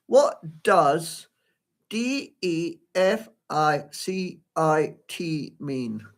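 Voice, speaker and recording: A man's voice: a little high, expressive, drawn-out words. A man giving a live solo performance at home, rambling and flustered as he talks to himself. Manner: rambling, flustered self-talk. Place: at home by a window.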